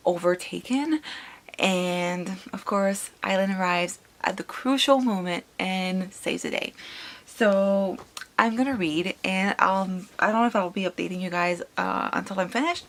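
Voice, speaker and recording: A young woman chatting in a casual reading vlog, animated and full of filler words. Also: medium pitch. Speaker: book vlogger.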